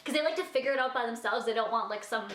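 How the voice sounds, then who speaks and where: A woman vlogger telling a rambling story in a chatty, animated way, full of filler words and acted-out reactions. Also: a little high, rapid-fire. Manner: animated, acts out her own reactions. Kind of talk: storytime vlog. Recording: echoey room.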